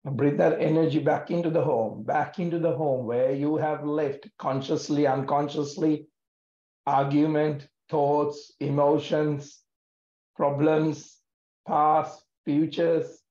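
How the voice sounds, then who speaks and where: Slow, gentle male yoga teacher. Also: a little high. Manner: gentle, calm, soothing, many pauses. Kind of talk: guided yoga breathing instruction. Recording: echoey room, dull lo-fi sound.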